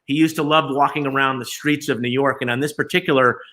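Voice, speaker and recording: A man's voice: mid-range voice, fairly even intonation, fast, bright, forceful tone. A man, an agency chief executive, talking in a live remote interview with lots of fillers and restarts. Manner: conversational, many fillers and restarts.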